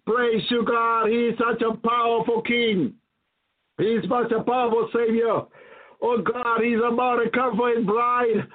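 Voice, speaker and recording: A man with a strikingly high voice preaches a sermon testimony that turns into prayer. He pleads with fervour and repeats phrases again and again. The sound is thin and tinny, like a phone line. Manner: fervent, repetitive pleading.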